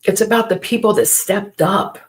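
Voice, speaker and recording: A woman's voice: mid-range voice, steady tone, normal speed. A middle-aged woman hosting a live stream, telling a personal story in an earnest, emphatic way and repeating key phrases.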